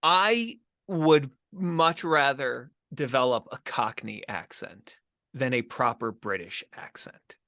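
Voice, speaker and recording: A middle-aged man from the northern United States, co-hosting a casual podcast chat with a joking, animated manner and quick restarts. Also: mid-range voice, no echo, clean studio sound. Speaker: podcast co-host.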